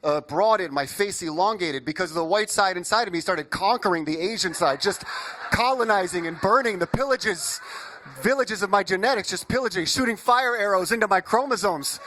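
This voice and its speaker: A young man from Indiana performing an animated stand-up comedy set, riffing with the crowd. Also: high voice, fairly quick. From Indiana, USA.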